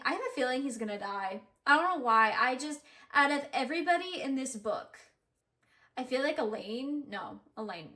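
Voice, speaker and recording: A young woman vlogger with a high-sitting, sharp voice chats casually about a book she's listening to. She rambles with lots of fillers and self-corrections while background music plays beneath her.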